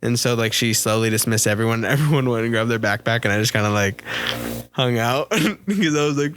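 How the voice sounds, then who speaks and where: A man's voice: mid-range voice, brisk, a bit bright, faint music behind. A young man co-hosting a casual podcast chat, laid-back, swearing freely and laughing often. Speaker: podcast co-host.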